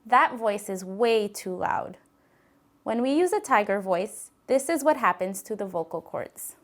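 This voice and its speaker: A woman giving calm, clearly spoken scripted narration for an instructional voice-care video. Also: medium pitch, measured pace.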